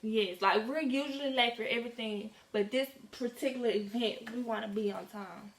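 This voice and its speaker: Teen girl, casual storytime, slangy, animated, voice sits a bit high, echoey room. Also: normal speed, a little hiss or hum. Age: teens. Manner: animated, slangy, acts out quoted dialogue. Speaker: vlogger.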